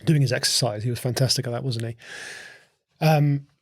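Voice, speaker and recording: A man's voice: mid-range voice, a little fast, no echo. A man co-hosting a podcast, explaining ideas in a casual chat, often restarting words and asking questions. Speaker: podcast co-host.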